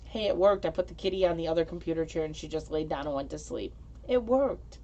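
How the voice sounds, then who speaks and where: A woman hosts a casual livestream from home, reading the chat while rambling, giggling and often tripping over her words. Her voice is deep and warm, and she talks fast.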